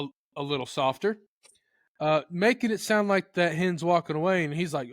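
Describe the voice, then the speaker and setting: A fairly high-pitched man speaks a little fast in clean studio sound with no room sound. As a turkey-calling expert guest, he delivers a casual, lively how-to, now and then imitating turkeys in funny voices.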